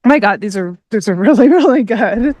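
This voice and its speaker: A woman's voice: fairly high pitch, expressive, moderate pace, a little mellow, highs cut off. A woman in her thirties from Canada doing live race commentary, enthusiastic and chatty, often laughing. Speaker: livestream commentator. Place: outdoor aid station.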